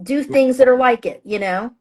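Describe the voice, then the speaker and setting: A woman's voice: sits high, moderate pace, darkish tone. A woman astrologer and author being interviewed, talking in a chatty, emphatic way with plenty of fillers and restarts. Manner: acts out her own past thoughts in a raised voice. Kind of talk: casual interview talk.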